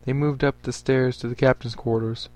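A man reading a story aloud for a podcast in a steady, even manner. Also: medium pitch, moderate pace, dry recording, soft background music.

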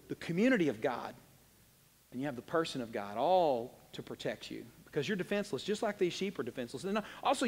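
Man preaching in a big reverby hall, high and bouncy voice, jokes around. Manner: animated, jokey, acts out little voices. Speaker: pastor. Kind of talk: sermon.

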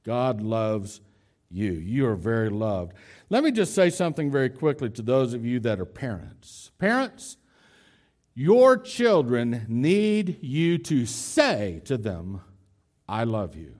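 A man's voice: medium pitch, big pitch swings, takes it slowly, darkish tone. A man preaching a sermon as pastor, emphatic, repeating key phrases and speaking straight to his congregation. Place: church hall with a congregation.

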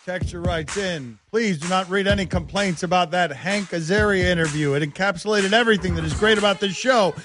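A man hosting a sports talk radio show, excitable and shouting catchphrases over music. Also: sits high, a little fast, hardly any pauses. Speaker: radio host.

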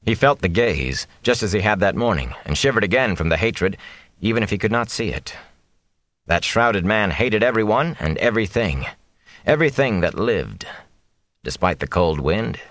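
A man reading a fantasy novel aloud in a measured, suspenseful way. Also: deep voice, a bit bright, no echo. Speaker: audiobook narrator. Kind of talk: scripted fantasy narration.

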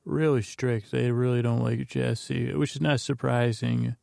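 Podcast guy rambling thru an episode recap, flat delivery, dry close sound. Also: mid-range voice, unhurried, creaky, no echo. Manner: rambling, jokey retelling with loose impressions. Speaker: podcast host. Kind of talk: casual comedic episode recap.

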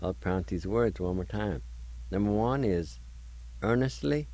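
A male radio host giving a slow, deliberate vocabulary lesson, spelling each word letter by letter and repeating it several times. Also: fairly low pitch, a little mellow, rough recording.

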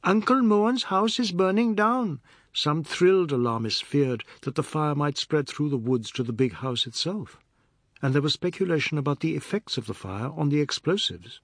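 A man narrating a novel in a measured, steady storytelling manner. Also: fairly high pitch, husky, no room sound, clean studio sound. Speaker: audiobook narrator. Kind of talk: scripted narration.

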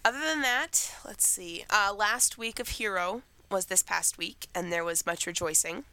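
A teen girl, getting past a cold, rambles casually about her week as co-host of a podcast. Her voice sits at medium pitch, moderately paced and sharp in tone, with no room sound.

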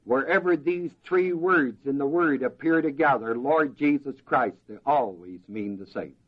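A man preaching a slow, deliberate verse-by-verse sermon as pastor, pausing to ask the congregation to fill in words. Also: mid-range voice, muffled recording.

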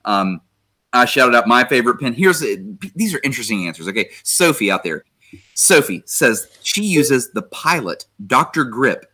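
A man's voice: mid-range voice, big pitch swings, normal speed, bright, forceful tone. A man hosting a casual podcast chat, enthusiastically reading listener comments aloud and swearing casually. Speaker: podcast host.

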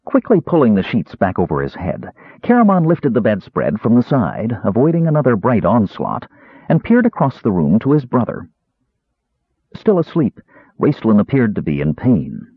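A man narrating a fantasy audiobook with a very expressive delivery. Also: fairly low pitch, normal speed, slightly rough, no room sound. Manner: very expressive, wide-ranging delivery. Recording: dry, tinny phone-like sound.

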